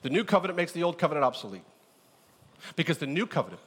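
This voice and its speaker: A pastor preaching a sermon in a lively, joking way, firing rhetorical questions at his church. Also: on the high side, very fast, breathy edge. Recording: echoey hall.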